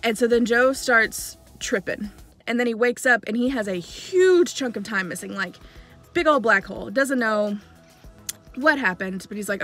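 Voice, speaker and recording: A woman's voice: a little high, moderate pace, soft background music. A young woman giving a casual, chatty spoiler recap of a TV series, full of "like" and dramatic asides. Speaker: TV show reviewer.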